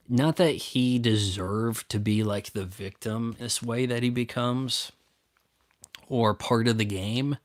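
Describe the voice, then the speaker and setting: A man's voice: on the low side, dry recording. Rambling man, dry close sound. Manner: rambling, stop-start, sarcastic asides. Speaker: youtube host. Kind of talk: casual solo chat answering viewer questions.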